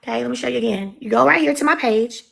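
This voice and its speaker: A woman's voice: on the high side, fast, gravelly, a bit bright, echoey room. A woman hosting a live shopping stream, chatty and upbeat, urging viewers to buy. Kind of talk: live-stream sales pitch. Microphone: phone.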